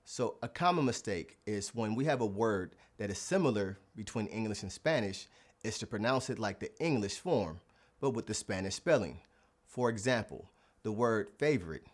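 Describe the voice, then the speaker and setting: A man narrating a language lesson, sounding out example words slowly and deliberately. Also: fairly low pitch, lively intonation. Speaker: Spanish teacher.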